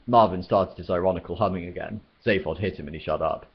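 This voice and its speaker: A man reading a novel aloud as storyteller, in a steady, measured way, on a dull lo-fi recording. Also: sits low, husky.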